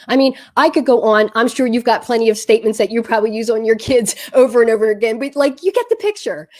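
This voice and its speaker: A woman's voice: on the high side, fast, hardly any pauses, darkish tone. A woman parenting coach giving earnest, conversational advice straight to camera, with frequent fillers and restarts. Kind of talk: direct-to-camera advice talk.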